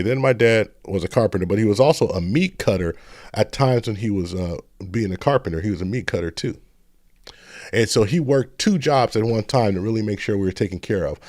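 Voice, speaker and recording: A middle-aged man from the Bay Area hosting a casual live stream, telling rambling stories and shouting out viewers. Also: mid-range voice, no room sound, studio quality. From San Francisco Bay Area.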